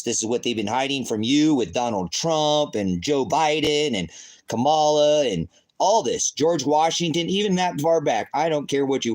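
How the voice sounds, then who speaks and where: A man's voice: mid-range voice, low-quality recording. Rambling, cussing man preaching online. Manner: rambling, rhetorical questions, profane outbursts. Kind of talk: casual livestream commentary.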